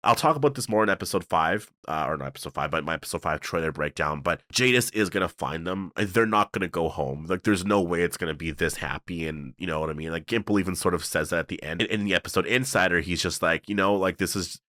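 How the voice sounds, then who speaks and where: A man with a very low voice talks through a TV episode review. He rambles and leans on fillers, excitable but loose. The sound is dry and close. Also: quick pace, few pauses, no echo. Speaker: show reviewer. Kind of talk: casual video breakdown.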